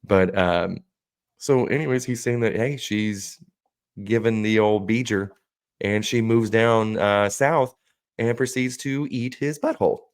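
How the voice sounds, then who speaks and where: Low-voiced man telling a wild story. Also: unhurried, smooth. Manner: animated storyteller, acts out quoted friends, swears freely. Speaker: podcast co-host. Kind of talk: casual storytelling.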